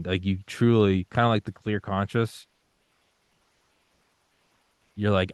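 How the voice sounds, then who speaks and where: A young man with a very low voice speaks in a casual interview, swearing freely and dramatizing his own doubts and determination. The sound is dry and close, with no room echo. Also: steady tone, normal speed, pauses often, clear, resonant tone. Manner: intense, swearing, acts out his own panicked inner voice. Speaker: podcast guest.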